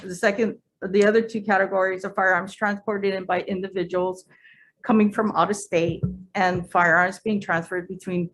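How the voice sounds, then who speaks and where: A woman testifying as a government attorney at a legislative hearing, measured and formal with occasional hesitations. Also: medium pitch, level tone, a bit bright, low-quality recording. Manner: measured, with occasional fillers and restarts. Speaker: deputy attorney general testifying.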